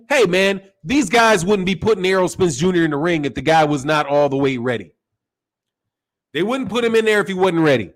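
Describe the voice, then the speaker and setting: A man hosting a boxing channel, giving animated, profane opinion commentary and acting out quoted voices. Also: sits high, rough recording. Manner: animated, acts out quoted voices, curses freely.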